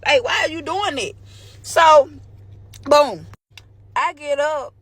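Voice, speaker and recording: Young woman, candid storytime vlogger, slangy, a touch high-pitched. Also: expressive, slow, no room sound. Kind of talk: storytime vlog.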